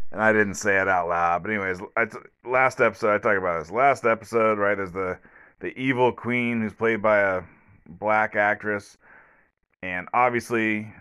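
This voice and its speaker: A man's voice: on the low side, fairly bright tone, smooth. A man hosting a solo podcast review from home, rambling with many fillers and restarts in a blunt, sarcastic way. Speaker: podcast host. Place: at home, alone.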